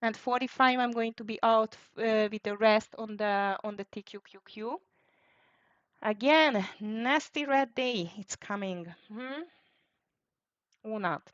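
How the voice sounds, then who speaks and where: A woman's voice: medium pitch, fairly even intonation, measured pace, a bit bright, dry recording. A woman hosting a live trading stream, thinking aloud in slightly as she calls out prices and frets about the market. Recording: dry, dull lo-fi sound.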